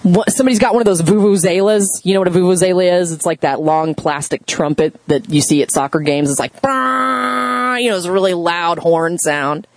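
A woman pastor giving a sermon, telling a story in a conversational, animated way and asking the audience questions. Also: on the low side, brisk, hardly any pauses, no room sound, rough recording.

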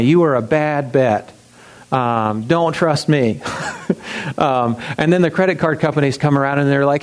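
A pastor giving a sermon, retelling a parable in a conversational way, with emphatic repetition and plenty of fillers. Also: male voice, fairly high pitch, measured pace, poor audio. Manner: frequent fillers and restarts.

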